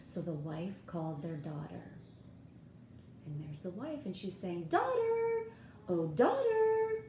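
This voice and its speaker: A woman's voice: low voice, measured pace, warm tone, roomy sound, a little hiss or hum. A woman reading a picture book aloud to children, pointing out the pictures and asking her listeners questions. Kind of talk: read-aloud storytime.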